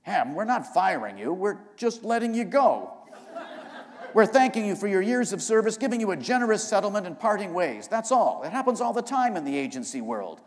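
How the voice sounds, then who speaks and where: A man's voice: sits high, very animated, a little fast. A man reading aloud as a blunt, middle-aged male agency boss who is matter-of-fact and placating. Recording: live reading in a hall.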